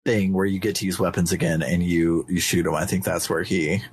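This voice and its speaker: A man with a very low, deep voice chatting on a podcast, stumbling through restarts as he eagerly recounts game scenes. The sound is close and dry, with no room around it. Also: breathy edge, no room sound. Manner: halting, frequent uh restarts, excitable when recounting scenes. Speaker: podcast co-host. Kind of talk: casual podcast chat retelling a video game.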